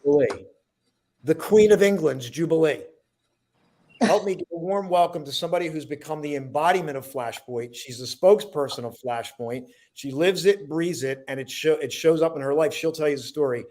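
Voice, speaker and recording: A man's voice: a little high, darkish tone. Effusive male host introducing guests. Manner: enthusiastic, halting, effusive. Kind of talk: introducing guests on a video call.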